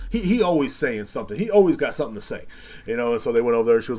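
A man's voice: mid-range voice, lively intonation, fast. A man hosting a podcast, telling rambling, profane stories in a casual monologue full of fillers. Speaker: podcast host.

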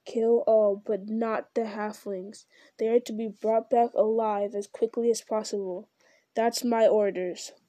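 A woman voicing a brutal male orc captain with a deep growl, barking blunt orders in a storybook reading. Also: steady tone, a little slow, lightly acted. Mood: commanding. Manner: loud, blunt, barked orders.

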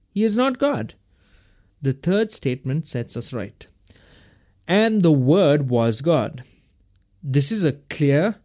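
A man's voice: a little high, a little mellow. A man teaching verse by verse through a Bible passage in a folksy, emphatic way, chuckling between his points.

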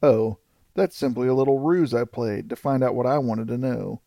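A man voicing a stern, cool-headed male frontier scout in an audiobook, speaking in a measured way. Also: mid-range voice, creaky, dark tone, no echo, clean studio sound, natural voice.

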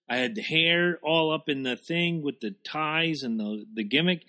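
Brash podcast co-host, man, crude banter, bright edge. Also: on the high side, normal speed. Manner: profane, rowdy, loud rants. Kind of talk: casual chat.

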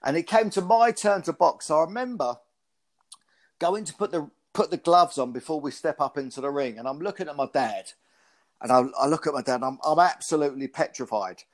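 A man's voice: a little high, a little fast. A man from the UK in his fifties, a former pro boxer telling stories in an interview, with frequent restarts. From United Kingdom. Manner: animated storyteller with frequent restarts. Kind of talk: casual interview storytelling.

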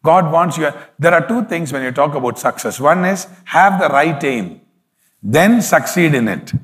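A man's voice: on the high side, expressive, normal speed, fairly bright tone, big-room sound. A man preaching a sermon as pastor, emphatic, with frequent hallelujahs.

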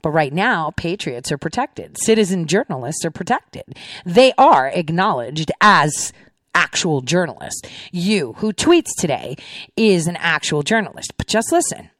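A woman's voice: fairly low pitch, big pitch swings, measured pace, no room sound, studio quality. A woman hosting a show and giving political commentary on played clips, in a sarcastic way full of rhetorical questions. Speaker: podcast host.

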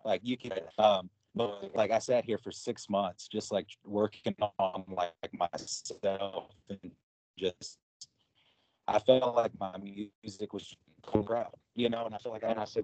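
A man's voice: on the low side, slow, darkish tone, no room sound, lo-fi sound. A man being interviewed about his music, talking loosely and rambling, with many fillers and retold conversations. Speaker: guest musician. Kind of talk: casual interview talk.

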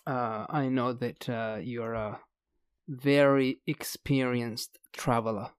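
A man's voice: mid-range voice, fairly even intonation, takes it slowly, smooth. A man hosting a casual podcast interview at home, reading out a long list and admitting when he is unsure of pronunciations. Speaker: podcast host.

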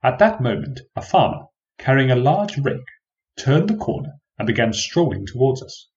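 A man's voice: medium pitch, big pitch swings, a little mellow, lo-fi sound. Wry man narrating an old-fashioned tale. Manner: measured, wry and old-fashioned formal phrasing. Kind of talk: first-person storybook narration.

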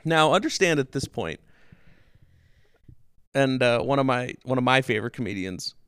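A man's voice: medium pitch, expressive, moderate pace, a bit bright, clear, resonant tone, no room sound, clean studio sound. A man hosting a podcast, telling history casually and animatedly, with swearing and silly quoted voices. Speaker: podcast host.

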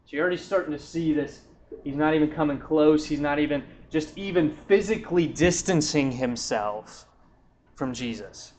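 Man, young adult, preacher, sermon, casual retelling, slightly high pitch. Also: moderate pace, darkish tone, a little hiss or hum. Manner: retells scripture in a casual, conversational way, acting out quotes.

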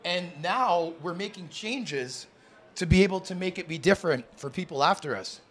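A young man hosts a live podcast taping with a bright, high voice that swoops up and down. He talks like an excited announcer, building big introductions for his guests. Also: normal speed. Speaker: podcast host. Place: sports bar studio.

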